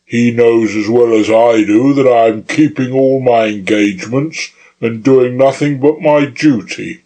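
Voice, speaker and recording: A man reads as a fiery young man rousing a secret underground meeting, in an audiobook. He speaks at a slow, deliberate pace and declaims each line with force. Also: mid-range voice, dark tone, poor audio. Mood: dignified. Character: fiery young male anarchist orator.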